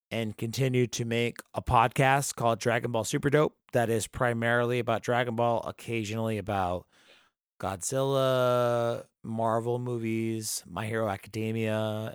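A man at an average pitch rants through a casual podcast chat, swearing freely as he vents. His voice is close and dry, with no room sound around it. He talks like a regular host sounding off to his co-host. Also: clean tone, dry recording. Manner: profane, ranting, animated.

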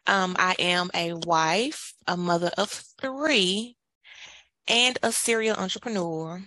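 A Southern woman with a Memphis accent takes her time, speaking slowly and reflectively. Her voice sits a little low but sounds bright. The sound is close and dry. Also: no echo, low-quality recording. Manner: slow, easygoing, reflective. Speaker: podcast co-host, entrepreneur. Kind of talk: casual podcast chat.

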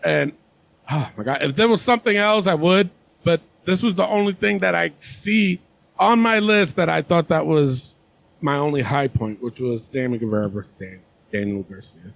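A man hosts a casual podcast with a high, gravelly voice. He meanders and hedges as he talks, and his voice comes through dry and close with no room sound. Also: normal speed, no room sound. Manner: meandering, hedging delivery. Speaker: podcast host.

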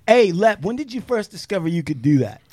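Man, podcast host, high voice, very animated, jokey questions. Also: a crowd in the background. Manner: joking, asks quick questions. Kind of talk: casual podcast chat.

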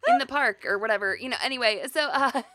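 A woman's voice: on the high side, fast, no room sound, studio quality. A woman in her thirties co-hosting a casual chat, telling stories with lots of laughter and acted-out quotes. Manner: animated storyteller, laughs often, acts out quotes. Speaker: podcast co-host.

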